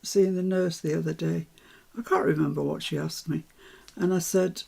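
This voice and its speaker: A woman's voice: deep voice, fairly even intonation, normal speed, gravelly, warm tone, husky. An older woman giving a chatty live craft demonstration, with self-mocking asides while she works. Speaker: craft tutor.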